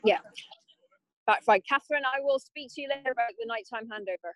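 A woman leading a staff briefing over a call, talking in a brisk, directive way with frequent ums. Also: on the high side, a bit bright, no room sound, low-quality recording. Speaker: clinical team lead.

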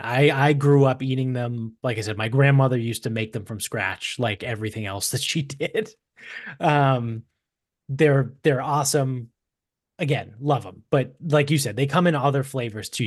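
A man around thirty with a Boston accent, co-hosting a podcast and telling stories in an animated, profane way. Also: medium pitch, dry recording, clean studio sound. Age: 30s. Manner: animated, swearing storyteller. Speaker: podcast co-host. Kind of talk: casual chat.

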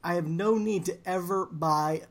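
A woman's voice: fairly low pitch, normal speed, a crowd in the background. Chatty woman co-host telling a story. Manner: animated storyteller, laughs often. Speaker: podcast co-host. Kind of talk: casual chat.

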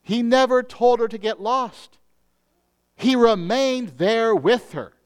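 A male pastor preaching a sermon in an earnest manner, slowing down on key phrases. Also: very high-pitched, clean tone.

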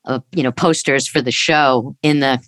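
A co-host who used to do stand-up comedy tells anecdotes in a casual chat, sometimes stumbling through fillers before the point lands. The middle-pitched voice sounds dry and close. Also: steady tone, moderate pace, a bit bright, no echo. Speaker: co-host, former stand-up comic.

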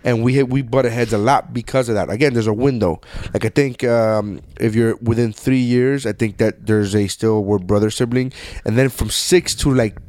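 A man's voice: medium pitch, steady tone, moderate pace, few pauses, darkish tone, no echo. Guy hosting a podcast, blunt, jokey, cuts in a lot, dead dry sound. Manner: blunt, joking, talks over others. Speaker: podcast host. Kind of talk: casual chat.

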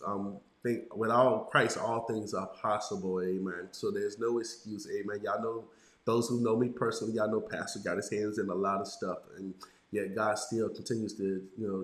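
A middle-aged male pastor delivering a sermon, congested and a little nasal from illness, slightly raspy, dropping "amen" after nearly every line. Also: lowish voice, fairly bright tone, echoey room. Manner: punctuates lines with "amen".

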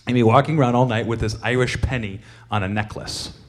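A man's voice: medium pitch, fairly quick. A man telling a long, rambling story to an audience between songs, with many fillers and restarts, laughing as he goes.

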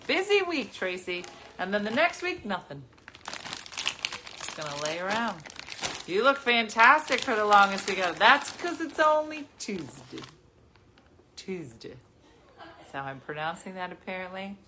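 A woman in her forties hosting a casual chat with viewers from her living room, chatty and animated, jumping from topic to topic. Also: mid-range voice, normal speed, long pauses, a little hiss or hum. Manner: chatty, animated, jumps between topics and laughs often. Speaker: livestream host.

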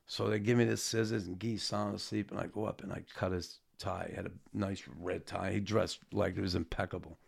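A man with a low, gravelly voice tells old stories in a rambling, halting way. He restarts his sentences often and swears without a second thought. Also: steady tone. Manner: swears casually, self-deprecating. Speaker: former hockey player telling stories. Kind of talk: casual storytelling.

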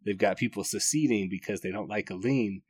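A man's voice: lowish voice, fairly quick, slightly rough, dry recording, clean studio sound. A man giving a casual, enthusiastic book review, rambling and often restarting his sentences.

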